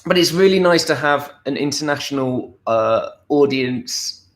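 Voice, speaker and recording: Young male streamer, playful and self-mocking, mid-pitched, reading chat from home. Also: lively intonation, unhurried. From Essex, England. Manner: chatty, playful and self-deprecating. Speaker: livestream host. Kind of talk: casual livestream chat reading viewer comments. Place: at home, indoors.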